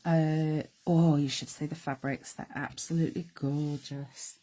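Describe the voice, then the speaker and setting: A middle-aged woman hosting a live craft demonstration, chatty and self-deprecating, thinking aloud as she works, her voice going croaky. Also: deep voice, level tone, unhurried, mellow. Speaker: craft show host.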